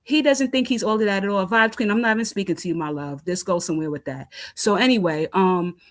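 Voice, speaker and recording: Woman, New York accent, blunt, profane, talking fast and heated, caller on a live stream. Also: medium pitch. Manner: blunt, profane, rapid-fire opinions. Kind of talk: casual call-in rant.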